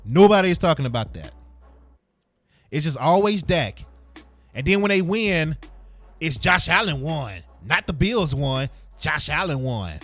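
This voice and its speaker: A man's voice: a little high, sing-song, measured pace, pauses often, fairly bright tone, dry recording, faint music behind. A man hosting a sports podcast, ranting heatedly in casual slang. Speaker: podcast host.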